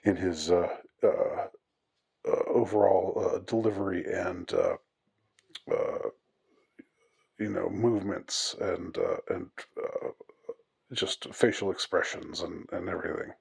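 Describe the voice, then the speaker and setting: A man's voice: deep voice, lively intonation, slow pace, creaky, long pauses, darkish tone, husky. A man giving a rambling, mock-outraged monologue with many fillers and restarts. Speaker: commentator on English usage. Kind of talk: casual monologue.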